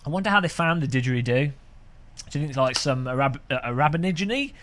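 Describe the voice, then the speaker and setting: A man's voice: fairly high pitch, animated, fast talker, fairly bright tone. A British man chatting casually and jokily on a sim racing live stream, rambling between topics from a room at home. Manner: rambling, jokey, chuckles often. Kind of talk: casual live-stream chat while gaming.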